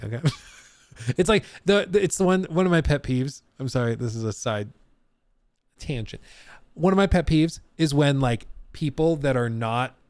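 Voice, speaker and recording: Animated American man chatting on stream. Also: medium pitch, dry recording. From United States. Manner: animated, rambling, laughs often. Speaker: streamer host. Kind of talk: casual livestream chat.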